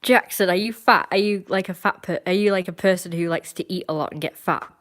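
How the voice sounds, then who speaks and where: Young girl on a live stream, kinda low voice, jokey and rambly, teasing chat. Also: brisk. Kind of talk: casual chat with stream viewers. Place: indoors at home.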